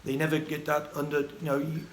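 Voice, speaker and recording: A man from the United Kingdom telling his life story in a casual, halting vlog monologue full of restarts and fillers. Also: on the high side, completely flat delivery. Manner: rambling, halting, many restarts and fillers, chuckling. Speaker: vlogger. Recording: echoey room with faint ambient noise.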